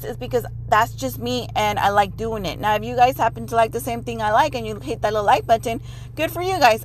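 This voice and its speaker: A woman's voice: fairly high pitch, slight background noise, poor audio. A middle-aged woman hosting a podcast in a blunt, emphatic casual monologue, now and then dropping in Spanish phrases. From Mexico heritage. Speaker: podcast host.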